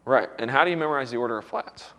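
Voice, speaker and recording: A man's voice: mid-range voice, very fast, pushed and bright. Chatty man teaching a worship class. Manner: casual, chatty, quizzes the class. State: voice strained, recovering from losing it. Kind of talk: classroom lecture on music theory.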